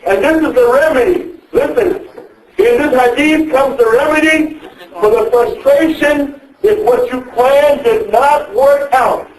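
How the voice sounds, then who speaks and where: A man's voice: very high voice, measured pace. A man lecturing young people in a mosque, questioning the audience and repeating his phrases. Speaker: speaker advising young people. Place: mosque hall. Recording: echoey hall, mic at a distance.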